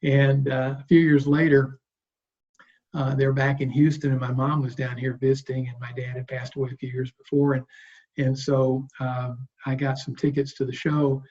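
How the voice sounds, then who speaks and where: Husky-voiced man in his sixties. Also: medium pitch, normal speed, highs cut off. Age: 60s. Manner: relaxed, rambling anecdotes. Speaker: guest bass player. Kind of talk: interview storytelling.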